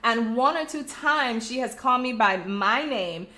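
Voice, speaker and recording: A woman with a Crucian accent from St. Croix talks in a fairly high voice as she hosts a casual live stream. She chats straight to her viewers, reads their comments aloud and slips into animated stories. She sounds middle-aged. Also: measured pace. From US Virgin Islands (St. Croix). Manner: chatty, animated storytelling with friendly direct address. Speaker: host of a live check-in stream.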